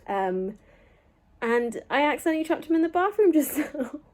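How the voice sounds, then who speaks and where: A woman's voice: high voice, very animated, moderate pace. A young woman chatting casually in a rambling vlog, with lots of "like" and "um". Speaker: vlogger.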